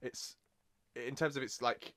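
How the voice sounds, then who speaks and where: A man's voice: medium pitch, fairly even intonation, unhurried, pushed and bright, no room sound, clean studio sound. A young man co-hosting a casual film podcast, rambling and self-deprecating, often laughing at himself. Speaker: podcast co-host. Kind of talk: casual chat.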